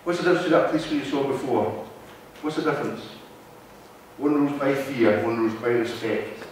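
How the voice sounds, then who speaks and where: A guest speaker with a Wigan, Lancashire accent addresses a live audience in a meeting hall, chatting conversationally and repeatedly checking in with the room. His mid-range voice moves a little fast and echoes heavily, sounding far from the recorder. There's slight background noise, and he's from North West England.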